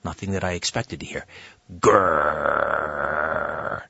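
A man's voice: on the low side, lively intonation, normal speed, fairly bright tone, breathy edge, dry recording, dull audio. A man hosting a radio talk show, telling a story in a chatty way with many fillers and restarts. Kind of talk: conversational radio monologue and interview. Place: radio studio.

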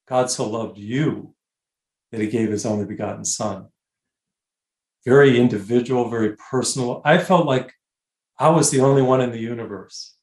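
Earnest man speaking in an echoey room. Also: mid-range voice. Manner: earnest, slow and emphatic on key words, trailing off softly. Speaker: guest author. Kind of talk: conversational interview, spiritual testimony.

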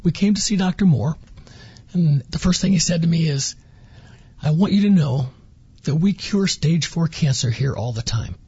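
A man's voice: on the high side, animated, normal speed, mellow, husky, no room sound, dull audio. A man guest on a radio interview, earnestly recounting his experience and acting out quoted dialogue. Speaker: interview guest, former patient.

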